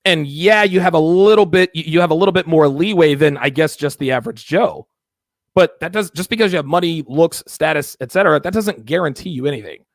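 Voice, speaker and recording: A man's voice: fairly high pitch, a little fast, no room sound, clean studio sound. A man hosting a call-in dating advice show, emphatic and repetitive, often acting out little mock dialogues. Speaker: host.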